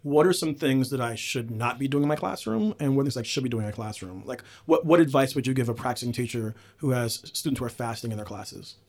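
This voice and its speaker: A man's voice: medium pitch, fast talker, few pauses, a little mellow. A man hosting a casual conversation, chatty and self-deprecating, with frequent fillers and restarts. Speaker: podcast host and teacher. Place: in the Gulf region.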